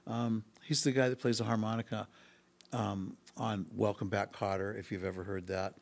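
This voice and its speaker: A man who is a musician, guest on an interview podcast in a music school studio, telling a long story with many pauses and hesitations. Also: lowish voice, flat delivery, gravelly. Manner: rambling, with frequent hesitations. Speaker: musician guest, harmonica and bass player.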